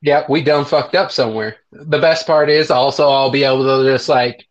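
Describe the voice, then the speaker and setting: A man's voice: mid-range voice, fairly even intonation, moderate pace. A young man in casual podcast chat, joking crudely and swearing freely between laughs. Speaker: podcast co-host. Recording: dull lo-fi sound.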